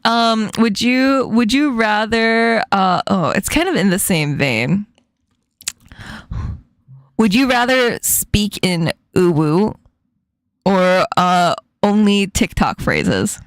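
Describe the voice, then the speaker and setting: A woman's voice: mid-range voice, expressive, slow pace, dry recording, clean studio sound. A woman hosting a casual chat stream, giggling often and swearing casually. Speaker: streamer host.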